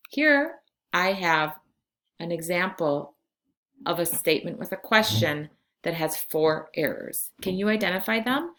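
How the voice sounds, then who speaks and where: A woman in her forties with a low voice, teaching a class. She gives slow, clear instructions and moves easily between two languages. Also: expressive, fairly bright tone. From California. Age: 40s. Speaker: Spanish teacher. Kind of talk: recorded class lesson.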